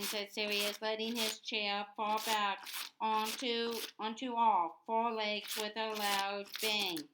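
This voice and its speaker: Woman reading a book out loud real slow, keeps restarting, noisy room. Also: fairly high pitch, level tone. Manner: halting, many restarts and repeated words. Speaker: audiobook reader. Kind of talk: reading a novel aloud.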